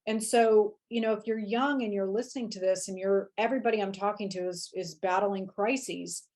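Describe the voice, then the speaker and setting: A woman's voice: mid-range voice, normal speed. Woman in her forties telling a candid story. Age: 40s. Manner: animated storytelling, acts out her own inner voice. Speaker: guest. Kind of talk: candid podcast conversation.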